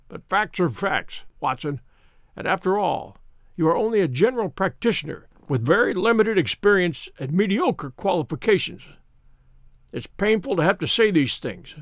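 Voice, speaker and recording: A man voicing a gravely ill, imperious male detective who speaks in a feeble, croaking voice. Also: high-pitched, sing-song, no room sound, clean studio sound. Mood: feverish commanding. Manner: slow, strained, commanding.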